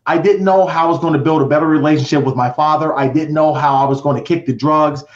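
With a fairly high pitch and steady tone, this man speaks fast. He's middle-aged, a podcast guest relating a personal story with drama, doing voices and a countdown, captured in roomy, dull lo-fi sound.

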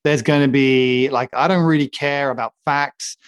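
A man's voice: medium pitch, steady tone, moderate pace, clean tone, dry recording. A man in casual talk, holding forth with comic indignation and lots of emphasis. His voice sits in a middle register. The recording is close and dry, with no room sound. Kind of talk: casual opinionated chat.

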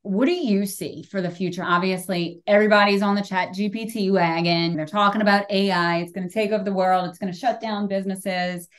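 A woman's voice: medium pitch, steady tone, fairly quick, hardly any pauses. A woman in her forties hosting a podcast, talking frankly and emphatically and swearing casually. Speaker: podcast host. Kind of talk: casual conversation.

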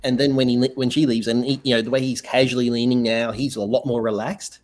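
A man's voice: medium pitch, quick pace. A man who is a guest on a podcast, talking animatedly about movies and laughing often. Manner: animated, laughs often, argues his reading. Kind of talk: casual movie discussion.

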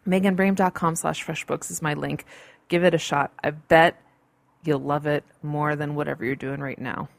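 A bubbly woman hosting her own solo podcast, talking in a fairly low voice with lots of playful asides. The sound is dry and close, recorded at home with no room echo. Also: fairly even intonation, moderate pace, gravelly. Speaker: podcast host. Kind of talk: casual solo podcast talk. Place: home in a large city. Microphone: computer-recorded podcast mic.

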